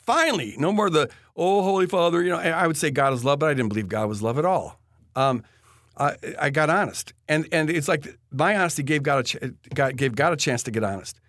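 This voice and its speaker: A man telling a personal faith story in an earnest, halting way, often restarting his sentences. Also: medium pitch, expressive, a bit bright, no room sound, studio quality. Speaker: guest telling his testimony.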